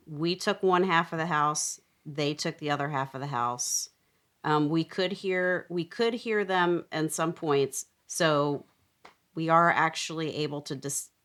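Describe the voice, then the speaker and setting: Low-voiced, dry-humored woman. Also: a bit bright. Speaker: podcast co-host. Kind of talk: casual chat.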